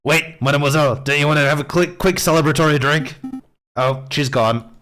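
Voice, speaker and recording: A man's voice: on the high side, steady tone, a little fast, a bit bright, soft background music, natural voice. A man voicing an eager, dim male sparrow assistant in a game, talking in a brash, cheeky way in a raised voice.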